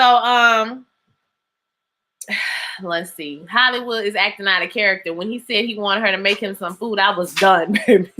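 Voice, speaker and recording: A woman's voice: medium pitch, sharp tone. A woman hosting a live recap of a TV drama, telling the story in a casual, slangy way, acting out the characters' lines and laughing often. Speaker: TV recap host.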